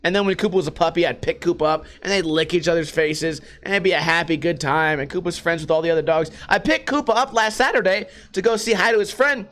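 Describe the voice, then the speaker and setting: A man telling stories about his week in a casual, profane vlog monologue, animated and swearing often. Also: a little high, fast talker, few pauses. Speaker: vlogger.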